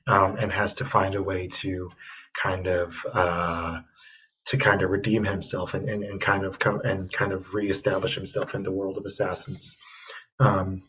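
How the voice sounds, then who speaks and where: A fairly low-voiced man chatting on a podcast, rambling through his thoughts with plenty of ums, eager and enthusiastic. He sounds set back from the microphone. The recording is dull and lo-fi, with a faint hiss behind him. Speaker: podcast co-host reviewing films. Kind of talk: casual chat. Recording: distant, dull lo-fi mic with faint noise.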